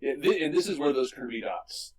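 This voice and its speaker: A man co-hosting a casual movie podcast, retelling scenes with energy and quick character voices. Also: medium pitch, sing-song, far from the mic, crowd noise, rough recording. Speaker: podcast co-host.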